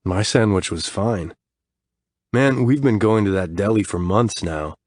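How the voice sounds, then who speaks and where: A man's voice: lowish voice, unhurried, a little mellow, no room sound. A man reading the lines of a blunt, exasperated young man who swears freely.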